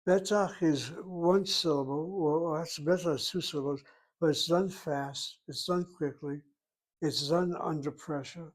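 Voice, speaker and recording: Guy teaching a class, kinda high voice, repeats words slow and careful. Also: steady tone. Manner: methodical, repeats words and breaks them into syllables. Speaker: Hebrew teacher. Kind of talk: classroom lecture.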